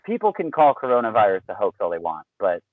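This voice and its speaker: A man talking as a podcast guest, explaining his points in a measured way with some dry wit. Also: on the low side, big pitch swings, dry recording, phone-quality sound. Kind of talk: casual podcast chat.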